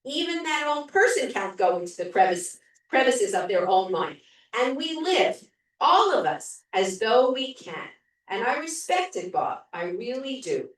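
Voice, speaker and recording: A woman reading aloud the lines of a thoughtful middle-aged woman, in a slow, earnest, searching way. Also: fairly high pitch, sing-song, pitched above the performer's own voice. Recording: very echoey room from far off.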